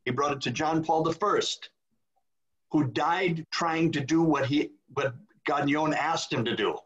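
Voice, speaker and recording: A man's voice: a little high, unhurried, a bit bright. An older man, a retired priest, telling a story in a video call, acting out the voices of the people he quotes. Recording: dull lo-fi video call audio.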